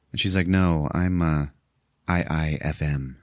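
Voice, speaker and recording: A man hosting a casual podcast, walking through a movie's plot with animated asides and plenty of swearing. His voice is low. The sound is close and dry. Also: no room sound. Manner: animated storyteller, swears, laughs often. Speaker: podcast host. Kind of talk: casual movie recap chat.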